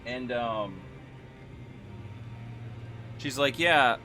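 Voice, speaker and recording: A man's voice: mid-range voice, measured pace, pushed and bright, soft background music. A man streaming a game and telling a rambling story in casual chat, full of fillers and restarts as he builds to a punchline. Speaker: Twitch streamer. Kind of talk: casual storytelling while gaming.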